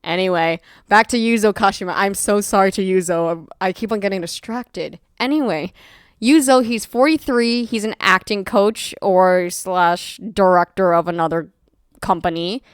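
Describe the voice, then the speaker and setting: A woman's voice: medium pitch, moderate pace, smooth, no echo, studio quality. A young woman streamer chatting casually and rambling, often apologizing and laughing as she explains things. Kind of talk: casual livestream chat.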